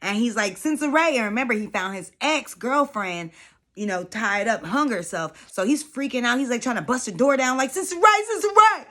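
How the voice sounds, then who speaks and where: A woman hosting a casual reality show recap, animated and slangy with plenty of profanity. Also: fairly high pitch, moderate pace.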